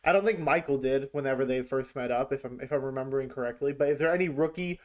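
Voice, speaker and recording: A man's voice: mid-range voice, fast. A man hosting a reaction video, talking in a loose, slangy, chatty way. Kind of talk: casual reaction commentary.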